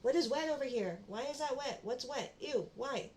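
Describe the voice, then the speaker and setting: A woman's voice: sits high, expressive, normal speed, a little mellow, a little hiss or hum. Self-mocking young woman muttering at her desk. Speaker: livestream host. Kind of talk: casual live-stream chat while setting up. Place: home room at her desk.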